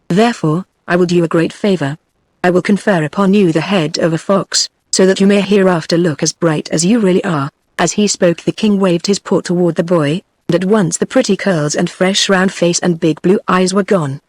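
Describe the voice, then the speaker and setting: A text-to-speech woman's voice with a British English accent giving even, machine-smooth audiobook narration. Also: fairly low pitch, dry recording, studio quality.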